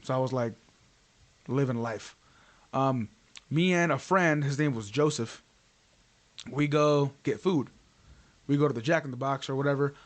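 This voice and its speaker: A man with a fairly high, fairly bright voice hosts a podcast and tells a story in casual chat. His delivery is profane and rambling, packed with swearing and fillers like "like" and "um."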